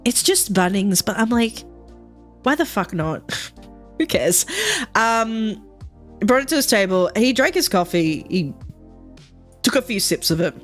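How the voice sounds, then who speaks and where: A woman's voice: medium pitch, unhurried, pauses often, soft background music. A woman streamer telling stories in casual chat while gaming, swearing freely and laughing often. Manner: swears freely, animated storytelling with frequent laughs.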